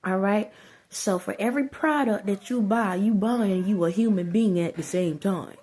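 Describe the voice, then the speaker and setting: A woman's voice: medium pitch, moderate pace, darkish tone, slightly rough. A woman vlogger in casual, rambling commentary who repeats herself, talks straight to her viewers and breaks into frequent laughter. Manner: colloquial, addresses viewers as y'all.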